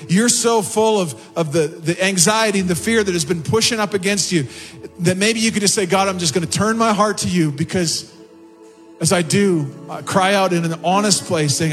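Male pastor, impassioned sermon delivery, high voice, faint music under. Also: moderate pace. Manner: impassioned preaching, rising in pitch on quotes and prayers. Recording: long hall reverb with faint music behind. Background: soft music.

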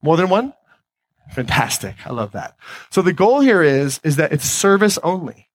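A man's voice: fairly high pitch, big pitch swings, moderate pace, no echo. A man giving a motivational talk on stage, speaking conversationally and putting questions to his audience. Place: stage before a live audience.

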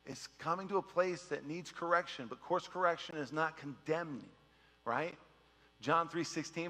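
A middle-aged man preaching a casual, joking sermon as pastor, slipping into quick impressions of other people. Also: fairly high pitch, in a large hall. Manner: animated, joking, mimics people in quick asides. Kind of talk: conversational sermon.

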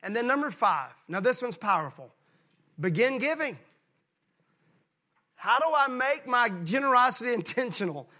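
Male pastor from Mississippi, emphatic sermon delivery, high-pitched and ringing. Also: animated. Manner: emphatic preaching, slows down to stress key lines; acts out folksy characters in quieter voices.

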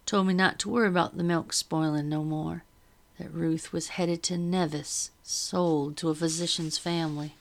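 A kindly older serving woman from a storybook, as a woman reader voices her, speaking in a folksy, old-fashioned way. Her voice sits low and has a gravelly edge. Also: steady tone, normal speed. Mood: sorrowful.

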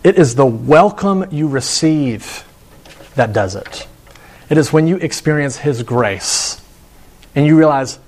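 A man preaching a sermon in an earnest storytelling manner, slowing down for emphasis and closing in prayer. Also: fairly high pitch, lively intonation, a little mellow. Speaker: pastor.

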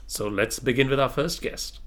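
A man co-hosting a podcast in casual banter, relaxed and conversational. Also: medium pitch, moderate pace. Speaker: podcast co-host.

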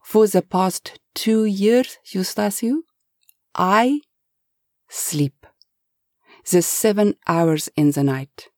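A woman voicing a calm, weary billionaire man in his seventies, speaking in a measured, deliberate way in a storybook reading. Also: mid-range voice, no room sound, studio quality.

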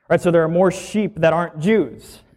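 Lively high-voiced male preacher. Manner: lively, emphatic preaching with rhetorical questions and slowed, stressed phrases. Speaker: minister. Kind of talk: sermon.

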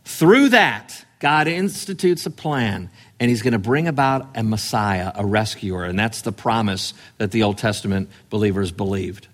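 A man's voice: fairly low pitch, expressive, normal speed, fairly bright tone. A man preaching a sermon in a conversational, emphatic way, pushing his voice up on key phrases. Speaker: pastor.

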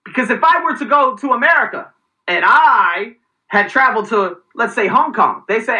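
A man rants to his viewers in a sarcastic, profanity-laced vlog. His voice is bright and cutting and swings widely in pitch. He jumps from loud outbursts to low asides. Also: measured pace, rough recording. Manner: profane, sarcastic, animated, heated. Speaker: vlogger. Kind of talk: ranting vlog commentary.

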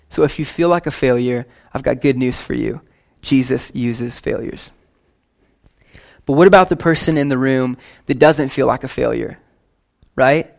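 A young man preaching a sermon to his church in a lively, conversational way, with quick asides and casual slang. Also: medium pitch, vocal fry. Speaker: pastor.

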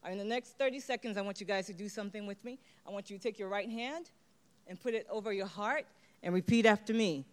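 A woman's voice: medium pitch, fast. A woman giving a motivational award acceptance speech, leading her listeners in call-and-response chants.

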